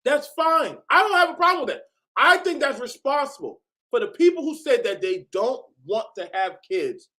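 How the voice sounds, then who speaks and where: A man hosting a reaction video, talking casually and profanely, often bursting into shouts. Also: extremely high pitch, very animated, moderate pace.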